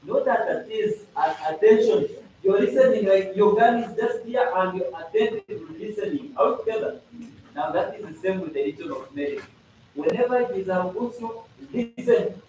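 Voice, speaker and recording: A man's voice: high-pitched, a little mellow. A man speaking to a gathering of students, explaining procedures interactively, checking the room often and acting out playful examples. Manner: interactive, keeps asking "are we together?"; playful, acts out examples and jokes. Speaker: speaker at a school congress. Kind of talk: instructional talk to students. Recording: echoey hall from a distant mic, some noise.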